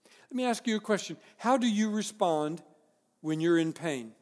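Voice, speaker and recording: A man with a high-pitched voice preaches a sermon, rising to loud emphatic declarations and dropping to low, quiet phrases. His voice rings out with the long reverb of a large hall. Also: animated, normal speed. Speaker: pastor.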